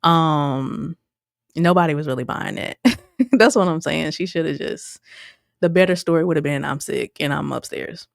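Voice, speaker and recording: A woman's voice: low-pitched, normal speed, vocal fry, no echo. A woman talks through a reality episode in a loose, chatty way. She laughs often and slips into voices for the people she quotes. The sound is dry and close. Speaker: show reviewer. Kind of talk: casual recap commentary.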